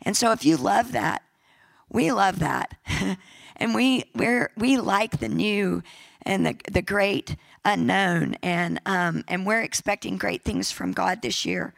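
A woman pastor with a raspy voice, deeply gravelly and full of fry, preaching in a sermon. She keeps it chatty and jokey and repeats key lines for emphasis. The sound is dry and close, with no room around her. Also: takes it slowly, no room sound, rough recording. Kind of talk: sermon with church announcements and prayer.

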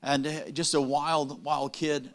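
A man preaching a sermon, telling a story with dramatic pauses and quick, punning asides. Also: fairly high pitch, flat delivery, fairly bright tone.

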